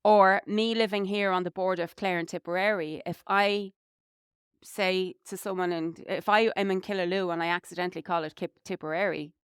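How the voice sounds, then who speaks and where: A woman's voice: on the low side, steady tone, moderate pace, smooth, no echo, studio quality. An Irish woman co-hosting a podcast, talking reflectively in casual conversation with lots of "you know"s. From Ireland. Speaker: podcast co-host.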